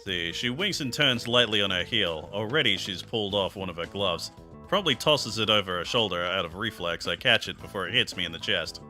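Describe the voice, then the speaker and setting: A man reads a story game's narration aloud on stream, playful and quick to joke. His voice sits lowish but rings very bright and tense. Soft game music runs behind him. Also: animated. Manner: playful, breaks off to laugh and crack jokes. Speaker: streamer reading a visual novel aloud. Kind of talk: reading narration aloud with joking asides.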